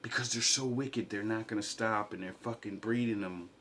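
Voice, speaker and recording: A man in a rambling, impassioned vlog monologue, swinging from quiet mutters to loud outbursts. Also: fairly low pitch, normal speed, slight background noise. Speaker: vlogger.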